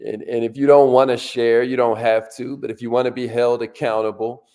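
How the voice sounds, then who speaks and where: A man giving a motivational workshop talk with plenty of energy. He repeats key lines for emphasis and keeps calling out to his listeners for answers. His voice sits at a middling pitch, and his delivery is casual and loose. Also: level tone, fairly quick, dark tone. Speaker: motivational speaker.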